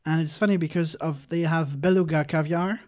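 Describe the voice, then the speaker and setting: A man co-hosting a casual wine podcast, telling stories. He rambles and trails off with many ums while he searches for his words. His voice sits a little high for a man. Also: fairly even intonation, brisk, darkish tone. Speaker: podcast co-host. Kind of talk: casual chat over wine.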